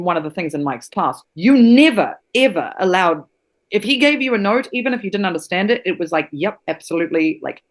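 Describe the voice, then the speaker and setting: A woman from New Zealand, an acting teacher, telling stories in a casual interview, animated and swearing freely. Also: lowish voice.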